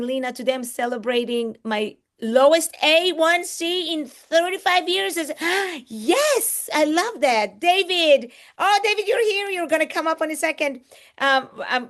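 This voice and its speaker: Effusive woman hosting a video call. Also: on the high side. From Israel. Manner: effusive, exclamatory, warm thanks to each commenter. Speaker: host of an online book launch. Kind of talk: live video-call event, reading out chat comments.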